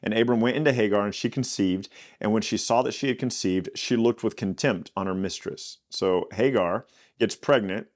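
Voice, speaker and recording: A man hosting a Bible study podcast, reading scripture aloud and explaining it in a relaxed, conversational way with joking asides. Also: lowish voice, normal speed. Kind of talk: casual Bible teaching.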